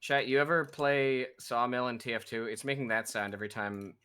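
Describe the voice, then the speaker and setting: A man's voice: mid-range voice, steady tone, fairly quick, sharp tone, smooth. A male streamer in casual gaming chat, joking, swearing and laughing often while he plays.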